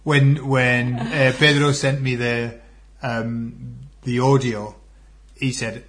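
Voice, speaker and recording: A male podcast host in loose, joking conversation with his co-host. His voice sits at an ordinary middle pitch, and he laughs easily and trails off mid-thought while hunting for a word. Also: level tone, slow, fairly bright tone. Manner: joking, laughs often, trails off and restarts while searching for words. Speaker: Spanish teacher and podcast co-host. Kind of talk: casual chat between hosts.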